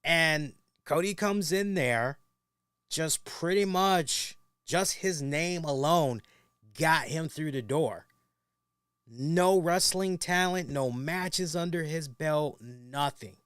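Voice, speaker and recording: Male host, fairly high voice, close and dry sound; lively direct-to-camera wrestling recap. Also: takes it slowly, smooth, no room sound. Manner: animated, talks straight to viewers, restarts often. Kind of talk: casual review commentary.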